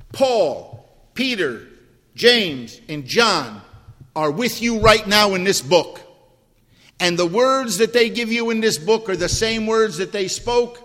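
A man's voice: sits high, a bit bright. An older man preaching a sermon, emphatic, repeating key words and asking the congregation questions. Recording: long hall reverb.

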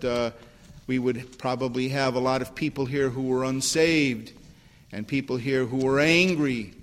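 A male pastor delivering a sermon, his voice rising and pushing hard on key points and dropping low and quiet in prayer. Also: long reverb tail. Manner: rises in pitch and force when preaching, drops low in prayer. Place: church sanctuary.

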